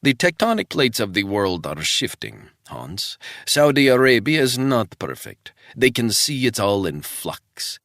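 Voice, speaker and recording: A man voicing a confident female agent who speaks in a brisk, knowing, slightly teasing way. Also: mid-range voice, very animated, fairly bright tone, no echo, studio quality, voice pushed up.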